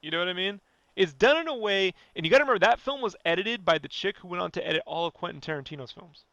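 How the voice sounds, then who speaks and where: A man ranting casually and profanely on a podcast, animated and fired up. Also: high voice, fast talker, vocal fry, no echo. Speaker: podcast guest.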